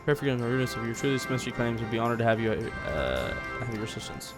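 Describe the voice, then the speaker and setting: A man's voice: mid-range voice, very animated, very fast, over loud music, close to an everyday voice. A man voicing a pompous young male scholar who talks formally and stumbles over long words. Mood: polite.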